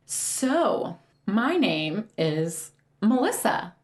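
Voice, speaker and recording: A woman's voice: medium pitch, sing-song, extremely slow. A young woman co-hosting a podcast in loose, casual chat. She gushes and giggles often. Her voice cracks a little now and then. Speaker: podcast co-host.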